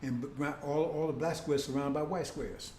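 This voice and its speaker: A man preaching a rambling, repetitive sermon who keeps checking with his listeners. His voice sits high for a man, but the tone is mellow and dark. The sound is roomy, with echo. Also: fairly even intonation, moderate pace, slight background noise. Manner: repetitive, keeps asking "see?" and "right?"; addresses "brothers and sisters".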